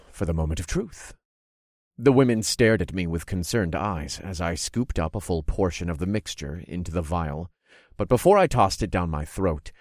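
A man narrating a fantasy audiobook in the first person, expressive and acting out his own reactions. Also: sits low, no echo, clean studio sound. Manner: expressive, groaning and cursing in character.

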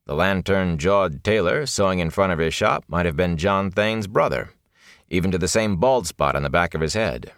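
A man narrating a fantasy story in an expressive, dramatic reading. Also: deep voice, moderate pace, smooth, dry recording, clean studio sound. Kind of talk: scripted audiobook narration.

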